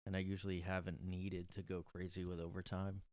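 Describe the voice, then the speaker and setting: A man's voice: low-pitched, completely flat delivery, fairly quick, a little mellow, no echo. A man hosting a solo podcast from his room, rambling and sarcastic with lots of fillers. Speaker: podcast host. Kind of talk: casual solo monologue.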